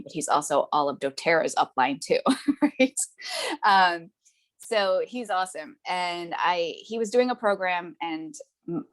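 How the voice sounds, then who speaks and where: A woman as an interview guest, telling a story in a chatty way, full of tag questions and fillers, who laughs often and acts out the voices she quotes. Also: lowish voice. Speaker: interview guest, essential oils seller. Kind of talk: casual conversational storytelling.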